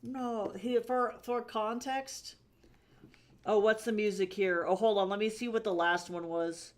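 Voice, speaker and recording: A woman's voice: mid-range voice, steady tone, unhurried. A woman streaming her comic drawing, chatting casually and talking fondly to her cat as she works at her desk. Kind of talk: casual livestream chat. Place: home desk at a drawing tablet.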